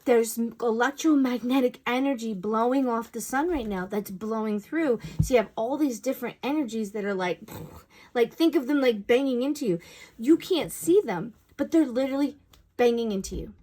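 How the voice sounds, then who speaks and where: A woman's voice: a little high, moderate pace, darkish tone. A woman giving an intuitive reading to a general audience in a casual, rambling, conversational way, with bursts of exclaimed asides. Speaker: intuitive reader giving a collective message. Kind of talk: casual spiritual guidance talk.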